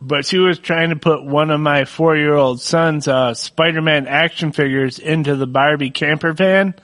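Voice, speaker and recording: Animated man saying "dude" a lot. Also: fairly high pitch, normal speed, no echo. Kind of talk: casual chat.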